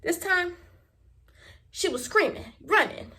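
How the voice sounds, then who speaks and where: A young woman from Miami, telling a story in a vlog in an animated, profane and emphatic way. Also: high voice, normal speed. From Miami, Florida. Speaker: vlogger.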